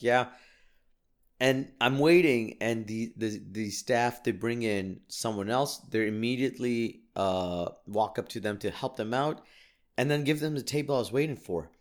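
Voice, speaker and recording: A middle-aged man telling a casual, self-mocking story, animated and exasperated. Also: on the low side.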